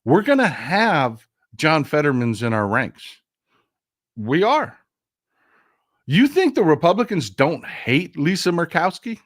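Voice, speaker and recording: A man hosting a casual political livestream, talking straight to his viewers in a profane, animated way and calling them folks. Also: on the high side, slow pace, long pauses, no echo, studio quality. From Texas. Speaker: political commentary host.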